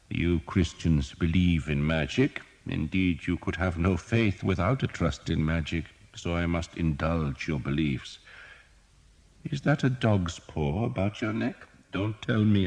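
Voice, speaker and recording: A man voicing a cheerful, sardonic old male doctor who teases slowly and deliberately. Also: low-pitched, darkish tone. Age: older. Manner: wry, teasing, slow and deliberate.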